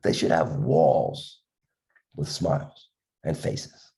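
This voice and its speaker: An older man, a dentist with a cough from a respiratory illness, telling stories in a podcast chat, acting out the voices in his anecdotes with halting restarts. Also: a bass voice, vocal fry, mellow. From Philadelphia area, USA. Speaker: dentist guest.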